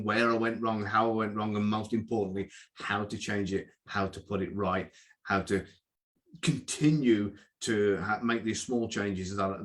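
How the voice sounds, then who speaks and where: A man hosting a casual live chat, speaking earnestly with some halting restarts. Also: fairly low pitch. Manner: earnest, a bit halting, repeats words when he starts. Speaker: host.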